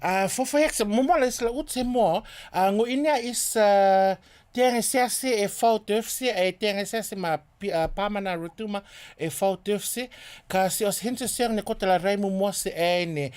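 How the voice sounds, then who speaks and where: A man's voice: sits high, fairly quick, darkish tone, smooth. A man hosting a late-night radio show, chatting casually between songs and laughing often. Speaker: radio host.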